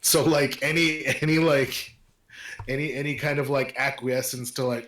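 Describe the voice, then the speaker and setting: A man's voice: medium pitch, little pitch movement, moderate pace, fairly bright tone, reverberant. A man playing a tabletop game, talking casually with lots of swearing and rambling fillers. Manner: profane, rambling with many fillers.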